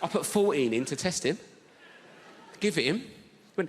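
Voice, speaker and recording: A man's voice: a little high, expressive, normal speed, long pauses, long reverb tail, background noise. A man doing a stand-up set, rambling and correcting himself as he tells a story. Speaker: stand-up comedian. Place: large theatre stage. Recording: live theatre, loud crowd ambience.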